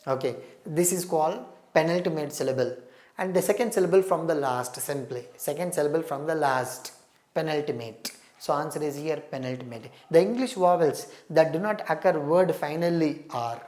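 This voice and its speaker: A woman's voice: deep voice, moderate pace, darkish tone. A woman teaching exam preparation and explaining, repeating key terms as she goes. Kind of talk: recorded exam-prep lecture. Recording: roomy echo.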